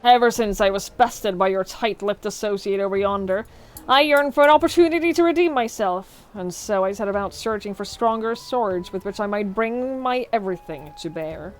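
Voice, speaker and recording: A woman streamer voicing a proud, stubborn samurai swordsman in game dialogue, speaking slowly and formally. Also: mid-range voice, faint music behind, natural voice. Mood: defiant.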